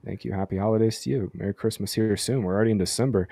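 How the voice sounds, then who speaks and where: A man's voice: on the low side, very fast, gravelly, mellow, no echo, studio quality. A man hosting a casual sports podcast, reading out listener questions and answering them playfully. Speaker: podcast host. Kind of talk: casual live Q&A chat.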